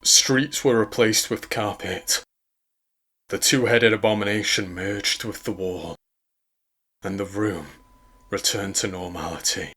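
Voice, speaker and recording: A man narrates a scripted horror story in a grave, measured voice. He takes his time with every line, going very slowly, and his voice sits fairly low. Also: over music.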